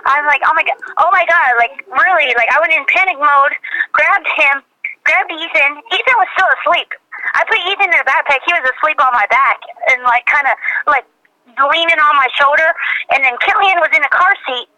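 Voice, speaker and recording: A woman's voice: high voice, normal speed, bright, forceful tone, dry recording, low-quality recording. A woman telling a mother's story in a heated phone conversation, agitated and profane, repeating herself often.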